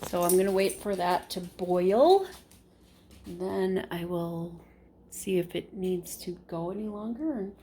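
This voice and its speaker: A woman's voice: mid-range voice, measured pace, a little mellow, a little hiss or hum. Rambling woman chatting at home. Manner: rambling, chatty, self-correcting. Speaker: vlogger. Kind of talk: casual vlog chat. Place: home kitchen, indoors.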